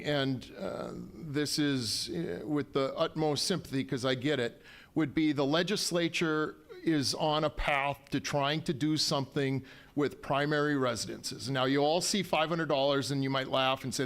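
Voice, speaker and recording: A man's voice: fairly high pitch, moderate pace, fairly bright tone. A man, a county official answering questions at a town hall in a folksy, conciliatory way with frequent ums and restarts. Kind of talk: public town hall remarks.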